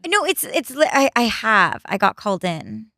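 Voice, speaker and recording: Bright-voiced bubbly young woman guest. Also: mid-range voice, sing-song, moderate pace, no room sound, studio quality. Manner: bubbly, laughs often, says "like" a lot. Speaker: podcast guest, candy company founder. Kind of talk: casual podcast chat.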